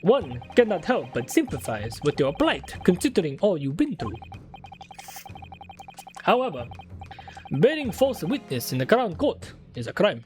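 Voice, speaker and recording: A stern, formal judge delivering measured courtroom lines, read out by a woman. The voice is low and expressive in pitch, with soft music underneath.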